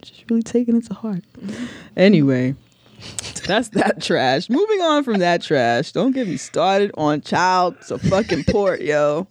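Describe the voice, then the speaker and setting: A woman hosting a podcast in casual chat, expressive and profane, quick to agree and riff. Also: fairly low pitch. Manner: expressive, profane, lots of affirming backchannel. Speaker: podcast host.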